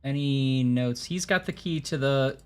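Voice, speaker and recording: A man's voice: medium pitch, unhurried, clear, resonant tone. A man chatting casually while playing a mystery puzzle game with a friend, thinking aloud with stammered fillers. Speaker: game streamer.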